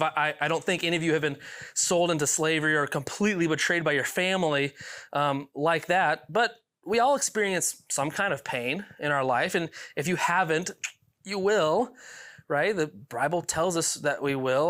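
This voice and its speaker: Chatty youth pastor, light and joking. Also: male voice, fairly high pitch, a bit bright. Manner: lighthearted, chuckling asides, repeats words. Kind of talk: youth sermon with Bible reading.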